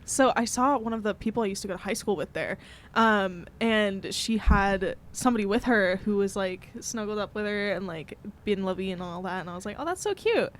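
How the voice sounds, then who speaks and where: A woman guest on a podcast, telling gossip in casual chat with an animated manner. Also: mid-range voice, a little fast, a little hiss or hum.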